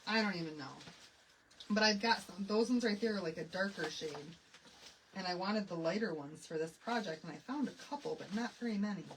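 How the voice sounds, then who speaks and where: A woman's voice: medium pitch, brisk. A woman with a Michigan accent chatting casually while she crafts, thinking aloud and laughing often. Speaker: craft vlogger. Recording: distant mic with faint background noise.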